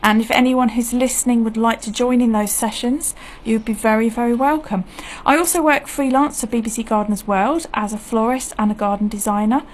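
A woman's voice: fairly high pitch, fairly even intonation, a little fast, few pauses, a little hiss or hum. Chatty woman hosting local radio. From England. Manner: friendly, laughs easily. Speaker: community radio gardening show host. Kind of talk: radio chat. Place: radio studio.

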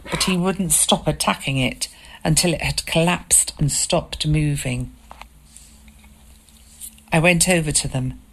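A woman narrating a first-person story in a calm, measured way. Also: deep voice, noisy background.

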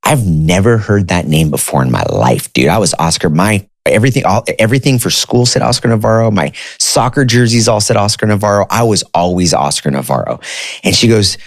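A man's voice: lowish voice, expressive, a little fast, no room sound, clean studio sound. A man in his thirties telling a personal story in a casual, conversational way, often saying "dude" and "you know".

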